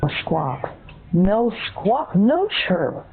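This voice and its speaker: A woman's voice: medium pitch, sing-song, extremely slow, full character voice. A computer voice of a woman playing a dotty old woman who believes she is a parakeet, sweetly befuddled and breaking into squawks and chirps over the phone. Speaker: scam-baiting bot. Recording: tinny phone line.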